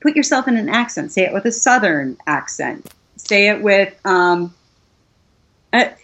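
A woman's voice: mid-range voice, sing-song, measured pace, a bit bright. A middle-aged woman, a voiceover artist, earnestly giving step-by-step advice in a casual conversation. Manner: earnest, coaching, gives step-by-step instructions.

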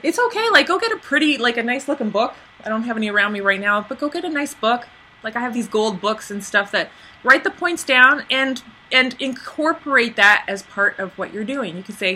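A woman coaching people on camera in a casual webinar, chatty with lots of "like", acting out little scenes in a high voice. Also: expressive, a little fast, bright, forceful tone, slight background noise. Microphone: computer microphone on a webinar.

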